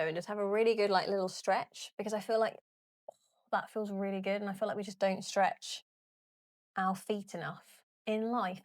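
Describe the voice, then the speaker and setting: A woman's voice: medium pitch, no room sound, studio quality. A young woman teaching a casual guided yoga class, chatty and giggly, often apologizing through yawns.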